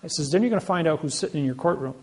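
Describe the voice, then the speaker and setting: Man, slightly high, gravelly voice; boastful storyteller, emphatic, stumbles and restarts often. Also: rapid-fire, darkish tone. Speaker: speaker answering an audience.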